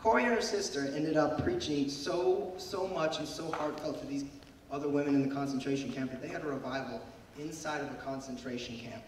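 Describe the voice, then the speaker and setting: A man who is losing his voice gives a devotional talk to a group of young people, telling a story and putting questions to the crowd. His pitch is fairly high and he speaks fairly quickly. The recording has slight background noise and an echoey hall sound, with the speaker far from the mic.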